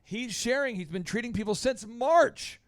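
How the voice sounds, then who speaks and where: Man, high-pitched, brash, emphatic, talk show host, dry mic. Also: moderate pace, no echo. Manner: brash, emphatic, gives pro tips.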